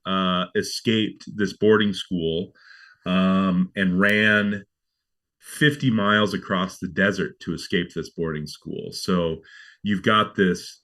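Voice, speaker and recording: A man's voice: low voice, fairly bright tone. A man talking casually as a guest about a film festival, rambling with many fillers. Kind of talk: casual interview chat.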